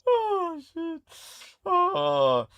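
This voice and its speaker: A man hosting a casual podcast chat, laughing often and talking in excited bursts. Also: very high-pitched, drawn-out words, highs cut off. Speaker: host.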